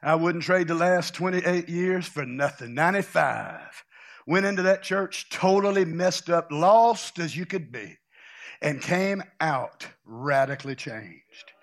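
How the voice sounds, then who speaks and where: Loud gravelly preacher from Louisiana. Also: male voice, a little high, expressive, a little slow. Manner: loud, shouting, exuberant, folksy storytelling. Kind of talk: charismatic sermon.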